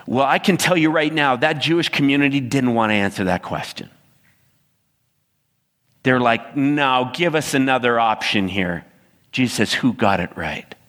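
Animated preacher man in a reverberant hall. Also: medium pitch, moderate pace, pauses often. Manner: storytelling, animated asides to congregation. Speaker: pastor. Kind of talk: sermon.

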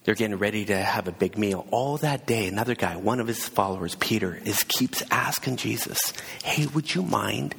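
A man's voice: lowish voice, brisk, hardly any pauses, a bit bright, breathy edge. A man preaching, casually retelling a story with hesitations and asides. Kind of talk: conversational sermon storytelling. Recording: long hall reverb.

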